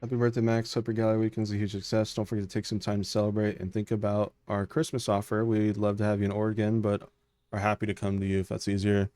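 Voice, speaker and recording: A male streamer reading video game messages and journal entries aloud in a deadpan, flat delivery. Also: lowish voice, fast, no echo.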